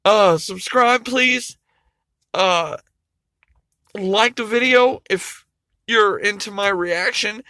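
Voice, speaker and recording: A man's voice: sits high, takes it slowly, long pauses, sharp tone, no room sound. A man vlogging, retelling a comic story in a rambling, emotional way, with frequent swearing and laughter. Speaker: YouTuber.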